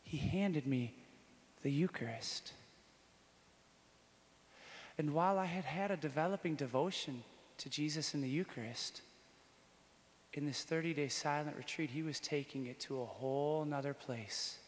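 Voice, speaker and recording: A male priest giving a conference talk, telling a story and moving between hushed and excited, joking with the audience. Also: a little high, measured pace, pauses often. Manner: animated, jokes with the audience, swings from hushed to excited. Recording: long hall reverb.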